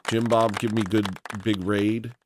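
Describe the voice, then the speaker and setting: A man hosting a casual livestream, reading donations and rambling in a deadpan, teasing, self-mocking way. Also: lowish voice, measured pace, very noisy.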